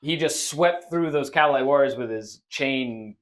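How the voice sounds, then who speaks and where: A man hosting a tabletop wargame battle report, narrating each turn in an animated way with frequent laughter and playful exclamations. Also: medium pitch, measured pace. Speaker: host and player.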